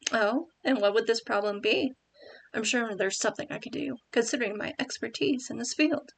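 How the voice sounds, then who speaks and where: A woman's voice: a little high, fairly quick, gravelly. A woman voicing a friendly male dragon in a story she is writing, polite and self-assured about his expertise.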